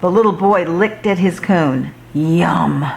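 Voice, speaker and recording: A woman reading a children's book aloud in a slow, expressive storytelling voice. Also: mid-range voice.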